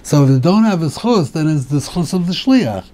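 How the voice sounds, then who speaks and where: A man's voice: on the high side, lively intonation, moderate pace, warm tone. A male rabbi teaching a Torah class, asking question after question and often repeating and restarting his words.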